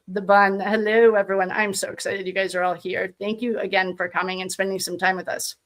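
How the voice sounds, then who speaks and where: A woman's voice: medium pitch, level tone, moderate pace. Woman livestream host, chatty and bubbly, greets viewers and laughs easily; mid-range voice. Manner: chatty, reads viewer comments aloud, laughs often. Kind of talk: casual livestream chat.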